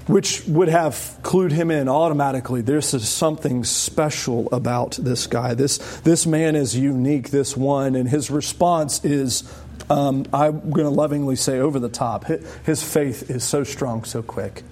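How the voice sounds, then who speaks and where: A man preaching a sermon to a congregation, animated and emphatic, often rising sharply in pitch for stress. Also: moderate pace.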